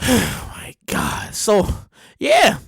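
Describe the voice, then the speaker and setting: A woman podcast host giving comedic news commentary in an animated, exclaiming way, often repeating herself. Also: mid-range voice, extremely slow, creaky, breathy edge, dry recording.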